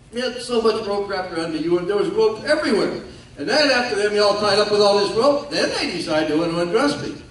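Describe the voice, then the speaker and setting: An older man gives a speech as guest speaker, telling his story in a folksy way with self-mocking humor. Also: high voice. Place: large hall at a ceremony. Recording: echoey hall from far off, faint noise.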